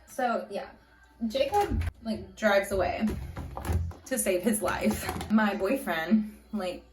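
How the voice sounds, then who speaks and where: A woman in her thirties casually telling a personal story for her vlog, chatty and animated, with lots of "like". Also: lowish voice. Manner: chatty, animated, heavy use of "like". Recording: roomy echo, faint music.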